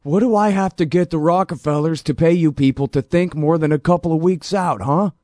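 A man's voice: a little high, fairly quick, dark tone, dry recording, clean studio sound, voice pushed up, natural voice. A man putting on a mock accent for a condescending older male statesman, scolding in a raised voice. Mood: scornful.

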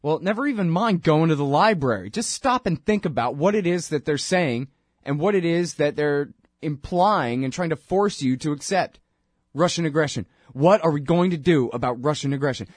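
A man's voice: on the high side, expressive, normal speed, dry recording, studio quality. A man hosting his own talk show, delivering a sarcastic, ranting political monologue full of mocking asides. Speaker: radio show host.

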